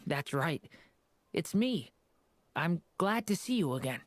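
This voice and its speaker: A man voicing a gentle, polite young man in a video game, earnest and respectful. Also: a little high, sing-song, takes it slowly. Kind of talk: game voice acting.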